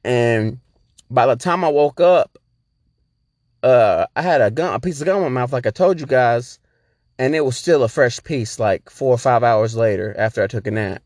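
A man's voice: medium pitch, normal speed, darkish tone, dry recording, studio quality. Laid-back man telling a profane story. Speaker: podcast host. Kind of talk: casual storytelling.

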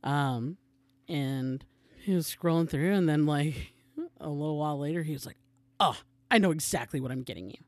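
A man's voice: on the high side, moderate pace, dry recording. Rambling man, dry close voice. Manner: rambling, lots of filler words. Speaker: podcast guest. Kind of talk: casual chat.

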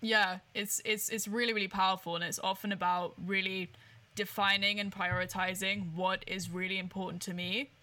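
A woman's voice: medium pitch, level tone, moderate pace, sharp tone. A woman hosting a podcast interview, encouraging her guest and drawing lessons out of the guest's story in a casual way. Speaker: podcast host.

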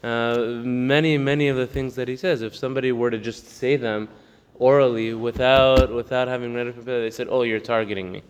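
A man's voice: mid-range voice, flat delivery, clean tone, in a large hall. A man giving a casual Torah class, reading a text aloud and explaining it in English, often laughing. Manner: reads quickly in Hebrew, then explains in English with laughs. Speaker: Torah teacher.

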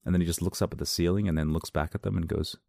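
A man's voice: sits low, fairly even intonation, rapid-fire, vocal fry, a little mellow, dry recording, clean studio sound. A man reviewing films on his own podcast, talking casually, enthusiastically and in a rambling way.

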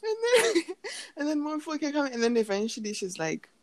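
A young woman chatting casually, telling an animated story, acting out what others said and laughing often. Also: high-pitched, fairly quick, no echo. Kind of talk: casual chat.

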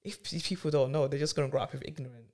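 Woman, casual storytelling, animated, lots of restarts. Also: extremely low pitch, rapid-fire, slight background noise. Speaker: podcast co-host.

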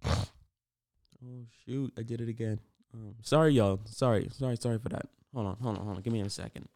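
A man hosting a casual solo podcast, rambling and animated with lots of fillers, hyping things up. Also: mid-range voice, normal speed. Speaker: podcast host.

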